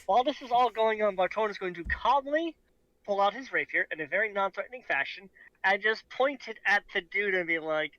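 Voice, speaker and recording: A man's voice: high voice, fairly quick, bright, forceful tone, no room sound. A man playing a tabletop game, chatty and rambling, over a dull lo-fi mic. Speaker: player. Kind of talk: casual tabletop play.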